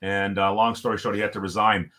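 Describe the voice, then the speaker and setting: A man's voice: fairly low pitch, fast talker. A middle-aged man from Jamaica, a former pro hockey player, telling a long story in casual talk and acting out what people said. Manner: animated storyteller, acts out quotes, many restarts.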